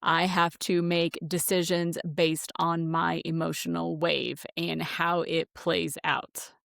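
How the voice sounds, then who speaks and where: A woman's voice: lowish voice, little pitch movement, slow, vocal fry, a bit bright, dry recording, studio quality. A woman co-hosting a podcast in casual chat, talking freely and laughing between phrases. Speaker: podcast co-host.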